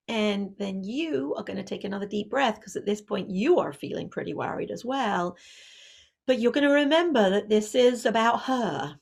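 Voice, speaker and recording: A middle-aged woman, an author, giving a lively book talk and acting out family scenes. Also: medium pitch, normal speed, vocal fry, slightly rough. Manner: lively storytelling, acts out scenes. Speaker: author and parenting speaker. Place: online video event.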